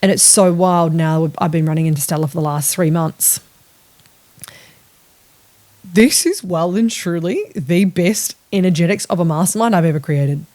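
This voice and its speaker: A woman in her thirties, a business coach and mother, talking in a casual, animated and sweary podcast monologue, repeating words for emphasis. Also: on the low side.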